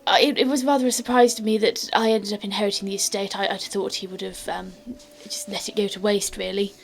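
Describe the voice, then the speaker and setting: Uma mulher fazendo um jovem nobre educado e hesitante, que gagueja e tropeça nas palavras, numa partida de RPG de mesa. A voz é de tom médio, com música baixinha ao fundo. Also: female voice, mid-range voice, steady tone, fast talker, gravelly, faint music behind, close to an everyday voice. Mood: hesitant. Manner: hesitant, stammering, polite. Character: hesitant polite young nobleman heir.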